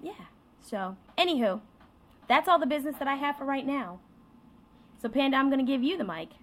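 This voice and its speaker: A woman co-hosting a casual podcast chat, brisk and chirpy as she wraps up show business. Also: high voice, expressive. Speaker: co-host. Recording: noisy background hiss.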